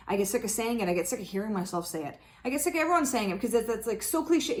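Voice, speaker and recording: A woman with a slightly high voice hosts a tarot channel and talks straight to her viewers. Her speech is casual and blunt, with swearing. She keeps slipping into quick little impressions of her own thoughts. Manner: frank, swearing, animated, acts out inner voices. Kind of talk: casual spiritual talk to camera.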